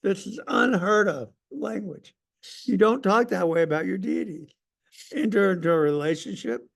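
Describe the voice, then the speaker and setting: A man leads a Sunday school lesson with a gravelly, slightly raised voice. He talks conversationally and with emphasis, breaking off often to put questions to his class. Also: high-pitched, normal speed.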